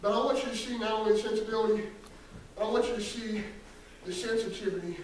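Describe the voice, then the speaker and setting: A man, an associate pastor, preaching a folksy sermon and calling on church members by name, swinging from shouts to near whispers. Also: sits high, fast, a little hiss or hum. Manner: folksy storytelling, calls on congregation members by name; rises to shouting peaks, then drops very soft. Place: church sanctuary. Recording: echoey church hall, voice from far off.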